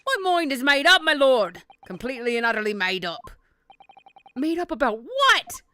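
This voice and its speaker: A woman voicing a grumpy juror who resents the rich, in a blunt, gruff way with a clumsy put-on accent. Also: high voice, sing-song, normal speed, pushed and bright, slight background noise, pitched above the performer's own voice, heavily acted. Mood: stubborn.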